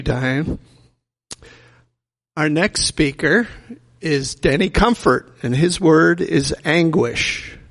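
A man's voice: a little high, creaky, a bit bright. A man emceeing a church gathering, introducing the next speaker with a chatty story. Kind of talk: casual spoken introduction.

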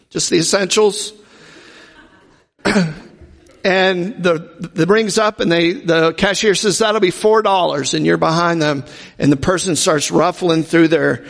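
A man's voice: on the high side, creaky, fairly bright tone, big-room sound. A man giving an informal, conversational sermon with jokey asides and acted-out quotes. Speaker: preacher.

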